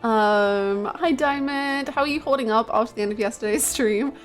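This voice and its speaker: A high-pitched woman chats to her stream viewers from her home setup, giggly and playful with a scattered, chaotic energy. She calls out hellos to everyone as quiet music plays underneath. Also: moderate pace. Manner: giggly, chaotic, playful, greets chat by name. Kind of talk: casual live-stream chat with viewers.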